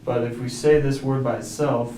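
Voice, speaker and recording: A man patiently walks a student through a grammar rule, checking often that she follows. His voice comes from a distance in an echoey room. Steady noise runs underneath. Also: medium pitch, normal speed. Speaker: Spanish tutor. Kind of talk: explaining grammar at a whiteboard.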